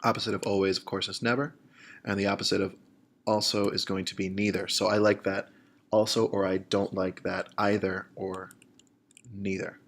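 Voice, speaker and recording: A man explaining grammar in a recorded lesson, slowing down to spell out examples. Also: low-pitched. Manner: steady explanatory pace, slows to spell out examples. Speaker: Spanish teacher.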